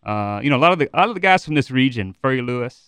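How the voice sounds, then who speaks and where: A man, a blues musician chatting as a guest in an interview, laid-back and letting his voice sink to a low murmur at the ends of his phrases. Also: lively intonation, very fast, a bit bright, clear, resonant tone, dry recording. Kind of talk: relaxed interview chat. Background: acoustic guitar.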